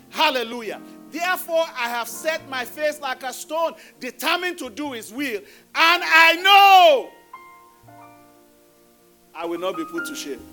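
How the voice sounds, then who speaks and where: A man's voice: very high-pitched, pushed and bright. A middle-aged male pastor delivering a sermon, repeating key phrases for emphasis and putting rhetorical questions to his congregation.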